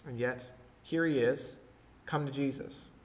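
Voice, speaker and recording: A man preaching a sermon, moving between hushed, intimate lines and loud, forceful declarations. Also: mid-range voice, fairly even intonation, unhurried. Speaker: pastor.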